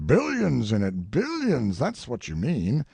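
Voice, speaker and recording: A man's voice: medium pitch, huge pitch swings, unhurried, gravelly, darkish tone, breathy edge, no echo, pitched above the performer's own voice, exaggerated voice. A man voicing a blustering, scheming old colonel who talks in flowery, theatrical pleas.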